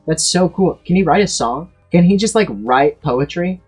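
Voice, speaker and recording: A man's voice: fairly high pitch, expressive, moderate pace, a little mellow, breathy edge, faint music behind. A man in his twenties giving blunt, profane, emphatic opinions in a casual ranking monologue, full of restarts. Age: 20s. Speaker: tier list video creator.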